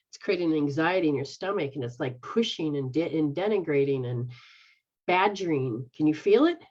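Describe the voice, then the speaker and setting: A woman's voice: deep voice, darkish tone. A woman healer guiding someone through a healing session, repeating a chant-like refrain and speaking directly to them. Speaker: spiritual healer. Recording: dull lo-fi recording.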